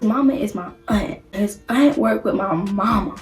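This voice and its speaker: A woman vlogger telling a personal story in a casual, slangy, profane and animated way. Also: medium pitch, unhurried. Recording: roomy, distant mic, faint music.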